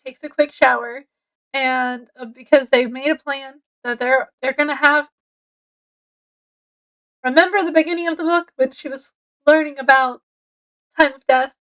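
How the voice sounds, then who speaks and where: A woman's voice: sits high, steady tone, normal speed, long pauses, a bit bright, poor audio. A woman giving a casual, chatty book review, rambling a bit with fillers as she retells the plot.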